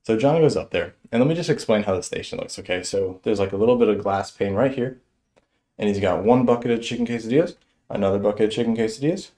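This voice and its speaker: A young man spins a comic stand-up story in a lowish, mellow voice. He is animated and chuckles through his own telling. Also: fast. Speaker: stand-up comedian.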